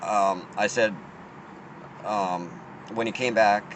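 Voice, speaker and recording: A man with a fairly low voice tells a story in a rambling, swearing-laced rant, stumbling and restarting as he goes. He is recording outdoors, and passing cars and a clear wash of street noise sit behind him. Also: steady tone, slow, rough recording. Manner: profane, rambling, many restarts.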